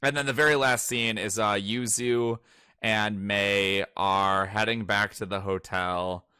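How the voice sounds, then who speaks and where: A young man talks through manga chapters in a loose, profane rush, with a slightly low but bright, cutting voice. The sound is dry and close, with no room around it. He gets worked up and slips into mocking voices. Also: unhurried, clean tone, no room sound. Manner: profane, excitable, breaks into mock character voices. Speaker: podcast co-host. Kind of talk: casual chat reading manga aloud.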